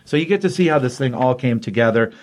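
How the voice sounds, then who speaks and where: A man's voice: mid-range voice, fast talker. A man co-hosting a comic book podcast, retelling a story in casual chat and acting out the quotes. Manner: animated retelling with acted quotes.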